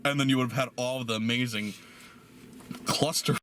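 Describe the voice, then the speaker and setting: A young man giving his casual take on a film, animated and quick to slip into mocking voices as he acts out lines. His voice sits at an ordinary pitch for a man. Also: a little hiss or hum. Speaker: podcast co-host. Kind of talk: casual movie review chat.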